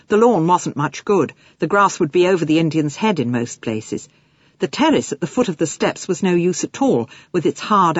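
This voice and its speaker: A woman narrating an audiobook for children in an expressive storytelling manner. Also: sits low, slightly rough, dry recording, highs cut off. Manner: expressive storytelling with lively swings.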